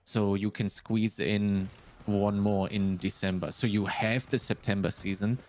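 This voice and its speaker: A man's voice: lowish voice, fairly even intonation, a little slow, a little mellow, slight background noise. German-accented man thinking aloud. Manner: thinks aloud, working things out step by step. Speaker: streamer and host. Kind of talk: casual live-stream chat.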